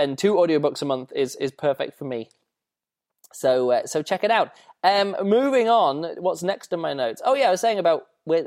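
An English man hosting a podcast, reviewing a book in a rambling, chatty way with lots of fillers and restarts. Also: on the high side. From England. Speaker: podcast host.

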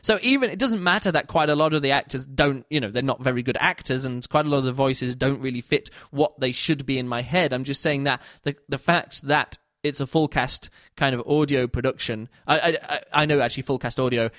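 A man's voice: mid-range voice, fairly quick, few pauses, fairly bright tone, no room sound, clean studio sound. A man giving a casual spoken book review, rambling and often correcting himself mid-sentence. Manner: rambling, self-correcting, many restarts.

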